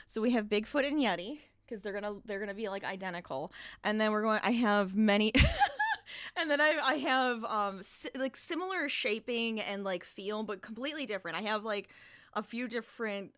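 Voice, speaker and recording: A woman's voice: medium pitch, a bit bright, no room sound, studio quality. A woman chatting casually on a livestream while she crochets, laughing often and trailing off mid-sentence, a little out of breath. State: a bit out of breath.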